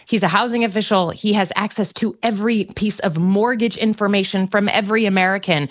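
A middle-aged woman senator answering interview questions in a measured, firm way. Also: mid-range voice, steady tone. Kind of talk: political interview.

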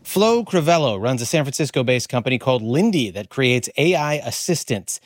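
A man delivering a scripted radio news report in a measured, even way. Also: medium pitch, no echo.

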